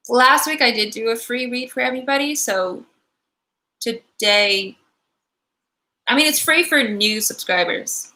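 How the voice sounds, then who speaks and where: A woman's voice: on the high side, pushed and bright. A woman giving a live-stream angel card reading, chatty and giggly, full of likes and ums.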